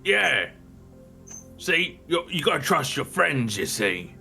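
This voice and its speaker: A man's voice: fairly high pitch, big pitch swings, slow pace, vocal fry, sharp tone, soft background music. A man playing a tabletop game, speaking in character in a playful, stammering way. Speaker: player. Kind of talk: in-character tabletop role-play.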